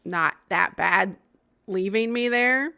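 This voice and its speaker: A woman co-hosting a podcast in casual chat, candid and quick to laugh while telling stories. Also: mid-range voice, gravelly, pushed and bright. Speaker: podcast co-host.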